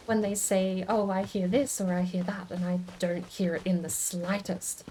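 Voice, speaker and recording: A woman's voice: lowish voice, little pitch movement, moderate pace, dark tone, a little hiss or hum. A woman streamer in casual chat, musing aloud and answering chat comments as she goes. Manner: chatty and musing, with many restarts.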